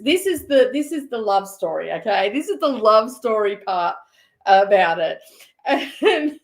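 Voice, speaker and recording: Chatty Australian woman telling a story. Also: high-pitched. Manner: animated, laughing, chatty. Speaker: host. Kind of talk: casual storytelling.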